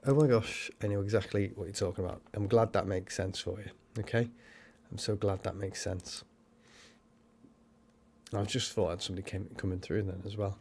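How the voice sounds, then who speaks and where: A man's voice: fairly low pitch, fairly even intonation, brisk, a little mellow, breathy edge. A man hosting a paranormal livestream, chatting casually and rambling as he reads cards and comments. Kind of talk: casual live-stream chat and card reading.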